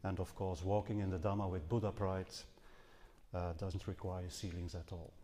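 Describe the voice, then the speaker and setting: A man's voice: low voice, little pitch movement, moderate pace, dark tone. A man giving a Buddhist dharma talk to a live audience, speaking earnestly with some hesitations and self-corrections. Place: seminar house hall. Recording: long reverb from a hall.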